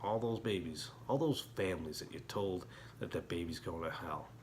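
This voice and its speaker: A man's voice: sits low, normal speed, a little hiss or hum. Impassioned middle-aged male preacher. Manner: heated, talks with rising emotion and repeated apologies; quiet and somber when reflecting. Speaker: internet preacher. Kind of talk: impassioned religious commentary.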